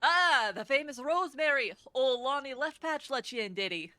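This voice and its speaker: A woman's voice: high voice, lively intonation, normal speed, pushed and bright, no room sound. A woman voicing a swaggering male rogue guildmaster, reading game dialogue aloud in a thick put-on Scottish-style accent. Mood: sly.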